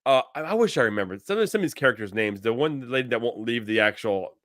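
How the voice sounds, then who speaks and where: An easygoing man with a middle-pitched voice chats on a podcast he co-hosts. His voice sounds dry and close, with no room echo. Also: animated, fast, fairly bright tone. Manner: easygoing, laughs often. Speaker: podcast co-host. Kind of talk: casual chat.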